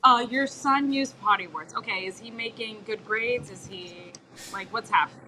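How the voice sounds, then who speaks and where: A woman with a bright, sharp voice chatting as a guest, trading frank stories and swearing freely. Faint background noise sits under her voice. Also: medium pitch, normal speed, poor audio. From United States. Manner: candid, swears a lot, laughs while telling stories. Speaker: mother of a toddler. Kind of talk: casual chat.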